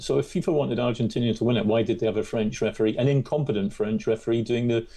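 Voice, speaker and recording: A man's voice: medium pitch, fast, creaky, warm tone. A Scottish man, a sports journalist, telling stories and giving strong opinions as a guest on a radio interview. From Scotland. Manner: chatty, anecdotal, opinionated.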